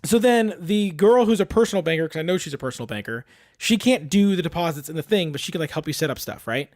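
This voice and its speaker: Animated high-voiced man telling a story. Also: quick pace, dry recording, clean studio sound. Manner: animated storytelling, acts out voices, swears a lot. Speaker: podcast co-host. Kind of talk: casual chat.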